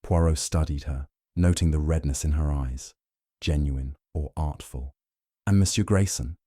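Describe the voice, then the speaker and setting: A man narrating a mystery audiobook in a measured, even storytelling manner. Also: rumbling low, slightly rough, no echo, studio quality.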